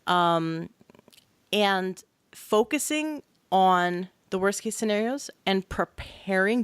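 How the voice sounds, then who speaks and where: A woman hosting a podcast, explaining and telling stories in an animated, conversational way, with many casual fillers. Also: mid-range voice, dry recording. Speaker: podcast host.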